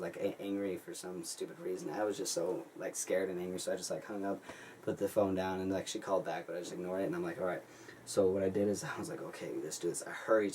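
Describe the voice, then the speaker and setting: Brief: young male vlogger, lowish voice, excitable rambling storyteller, recorded from a distance. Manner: rambling, excitable, heavy use of "like". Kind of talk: casual storytelling. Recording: distant mic with faint ambient noise.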